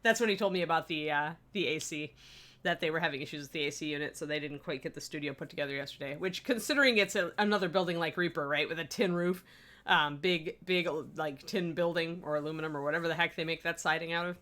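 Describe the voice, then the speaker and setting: A woman's voice: deep voice, quick pace, a bit bright. A sleepy woman chatting casually while she livestreams her miniature painting, rambling and laughing often. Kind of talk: casual live-stream chat. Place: home streaming room.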